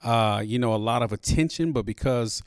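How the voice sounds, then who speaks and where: A podcast host in his forties gives a laid-back, profane monologue at normal speed, with a medium-pitched voice and plenty of "you know" fillers. The clean, dry studio recording has a soft beat playing underneath.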